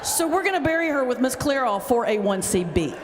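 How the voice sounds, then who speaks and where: A woman pastor giving a humorous talk, telling stories in an animated way with sudden jumps in pitch. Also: fairly quick, background noise. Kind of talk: humorous lecture storytelling. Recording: long reverb of a large hall.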